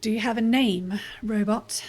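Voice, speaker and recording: A woman reading a brisk, sharp-tongued young scholar. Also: a little high, soft background music. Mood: brusque. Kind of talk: reading game dialogue aloud.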